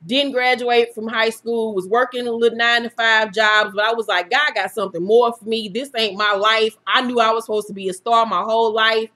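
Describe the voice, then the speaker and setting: Her voice sits on the high side, pushed and bright, with fairly even intonation. This thirty-something YouTuber talks briskly with hardly a pause, sharing her personal story candidly and profanely and laughing through the hard bits.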